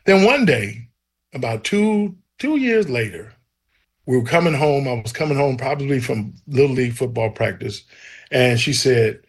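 A man shares his personal faith testimony as a guest, telling it earnestly and vividly and acting out the dialogue as he goes. His medium-pitched voice is expressive, with a moderate pace and a breathy edge.

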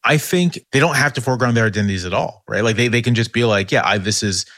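A man's voice: medium pitch, fast talker, a bit bright, dry recording. A man analyzing politics in a casual podcast discussion, thinking aloud with frequent restarts and "right?" tags.

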